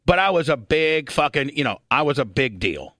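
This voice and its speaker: A middle-aged man from Indiana hosting a radio talk show, telling a long story, swearing freely and clearing his throat often. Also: fairly high pitch, sing-song, normal speed, a bit bright, no echo, studio quality.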